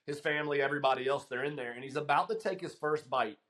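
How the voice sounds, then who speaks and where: A middle-aged man, a guest caddie, telling a long story in casual chat, animated and laughing, with frequent ums. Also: fairly high pitch, fast.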